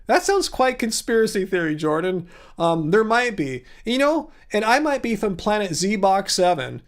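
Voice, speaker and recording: A man with a fairly high voice hosts a casual livestream and answers viewer comments. He sounds sarcastic and incredulous, and he rambles with plenty of fillers and restarts. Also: lively intonation, moderate pace. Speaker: livestream host.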